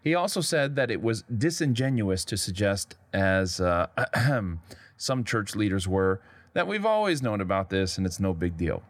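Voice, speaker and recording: Low-pitched guy narrating history podcast, lively swoopy delivery, wry asides, dry close sound. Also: normal speed, no echo. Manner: wry, conversational, reads quotes aloud. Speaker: podcast host.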